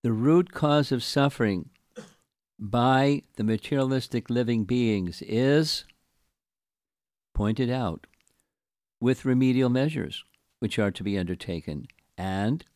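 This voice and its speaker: An older man giving a scripture class, reading a long commentary slowly and deliberately and explaining it to his listeners. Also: lowish voice, a little mellow, no room sound, clean studio sound. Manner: slow, deliberate reading with chanted verse recitation.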